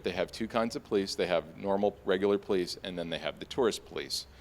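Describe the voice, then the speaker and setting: Onstage, a young man shares something that happened to him in a loose, lively way, filling his speech with fillers. Whenever he repeats what he said in a panic, his pitch shoots up abruptly.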